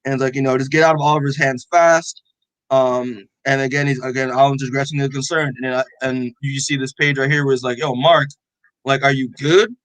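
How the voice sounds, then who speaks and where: A man's voice: mid-range voice, flat delivery, brisk, fairly bright tone, no room sound, rough recording. A man co-hosting a podcast, casually recapping a comic with lots of "like" and acted-out dialogue. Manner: rambling, full of "like" and quoted dialogue. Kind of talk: casual chat.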